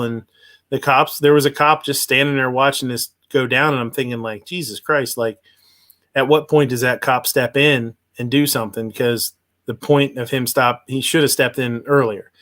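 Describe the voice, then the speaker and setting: Male stream host, middle pitch, loose and rambling, full of fillers. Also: fairly bright tone. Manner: rambling, hesitant, many fillers and restarts. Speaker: livestream host. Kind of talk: casual commentary on news.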